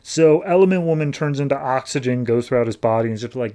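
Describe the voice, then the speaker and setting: A man's voice: mid-range voice, fast talker, mellow. A man hosting a podcast, recapping a comic book in a breezy, offhand way and filling his talk with "like". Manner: offhand, breezy storytelling full of "like". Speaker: podcast host.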